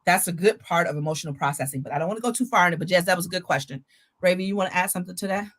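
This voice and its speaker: A woman's voice: lowish voice, racing, a bit bright. A woman hosting a casual faith-based talk on emotional health, earnest and preacherly, repeating her points for emphasis. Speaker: podcast host.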